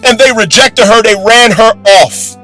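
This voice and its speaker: A man delivering forceful, preachy commentary in a profane, combative way. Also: very high voice, unhurried, rough recording. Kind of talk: preaching commentary over music. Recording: music bed under voice.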